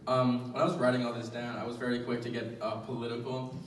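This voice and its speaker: A young man works through his stand-up set, rambling and self-deprecating, leaning on ums and restarts. He sits at an ordinary middle pitch, and the mic catches him from some distance. The small venue adds a roomy echo over a faint background hum. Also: monotone, quick pace. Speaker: stand-up comedian.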